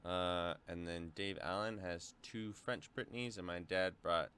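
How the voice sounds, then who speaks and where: A man co-hosting a podcast in casual chat, relaxed and laid-back. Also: low-pitched, unhurried, a little hiss or hum. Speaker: podcast co-host.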